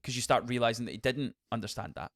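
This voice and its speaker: A young man co-hosting a podcast, chatting excitedly about a film and acting out quotes in voices. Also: mid-range voice, fast talker. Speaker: podcast co-host. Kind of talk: casual film review chat.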